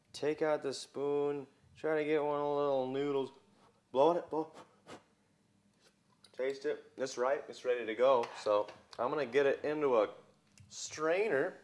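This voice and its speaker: A young man hosting a casual cooking video in a home kitchen, chatting viewers through each step. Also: mid-range voice.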